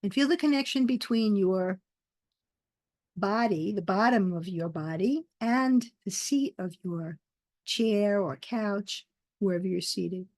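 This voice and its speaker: A woman teaching a meditation class over a video call, guiding the group with soft, soothing phrases and pauses. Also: mid-range voice, dry recording, studio quality.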